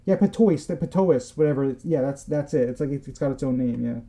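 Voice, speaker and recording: A man's voice: medium pitch, steady tone, quick pace, warm tone. A man co-hosting a casual livestream chat, joking and teasing in a loose, rambling way. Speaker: podcast co-host.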